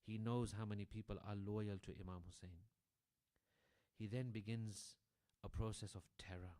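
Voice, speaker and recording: A male preacher telling a story in a sermon, swinging between hushed tones and loud emphasis. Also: lowish voice, normal speed. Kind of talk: sermon narration. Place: community centre prayer hall.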